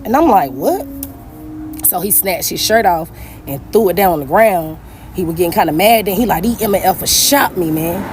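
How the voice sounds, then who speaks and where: A young woman casually telling her own story straight to her viewers. She talks in an animated, conversational way, full of "like" and "y'all.". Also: lowish voice, brisk, faint music behind. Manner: animated and conversational, often addressing listeners as "y'all", many "like" fillers. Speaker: storyteller sharing a personal story.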